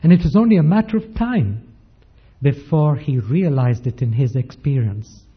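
A man preaching a sermon, slow and emphatic, with measured pauses. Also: mid-range voice, lively intonation, slightly rough. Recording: dull lo-fi recording.

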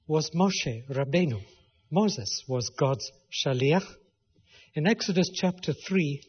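A man's voice: fairly high pitch, breathy edge. A man preaching a sermon and reading scripture aloud, rising to emphatic stress on key phrases. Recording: lo-fi recording with long hall reverb.

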